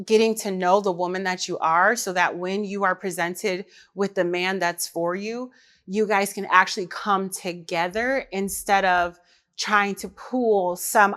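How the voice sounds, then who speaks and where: A woman's voice: fairly low pitch, steady tone, a little slow, a bit bright. A woman, chatting candidly and directly to her viewers. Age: 30s. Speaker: vlogger. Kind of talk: casual chat to camera.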